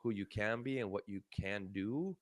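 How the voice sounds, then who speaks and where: A man's voice: on the low side, normal speed, dry recording, clean studio sound. A man co-hosting a podcast and coaching, talking in an earnest, reflective way with many fillers. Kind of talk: casual podcast chat.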